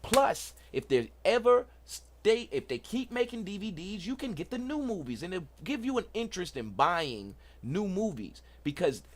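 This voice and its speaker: A middle-aged man hosts a casual livestream tech talk. He is excited and preachy, repeats himself and talks to the chat. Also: high voice, normal speed, hardly any pauses, slight background noise. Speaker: host.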